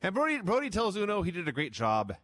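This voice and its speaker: A man's voice: sits high, huge pitch swings, quick pace, fairly bright tone. A man co-hosting a podcast in casual chat, telling a show's events as a running recap. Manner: storytelling recap, amused. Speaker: podcast co-host.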